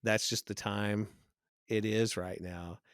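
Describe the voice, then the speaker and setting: A middle-aged man co-hosting a podcast in casual chat, telling relaxed anecdotes. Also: on the low side, slow, clear, resonant tone, no echo, clean studio sound. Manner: easygoing, anecdotal, breaks into loud mock rants. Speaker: podcast co-host.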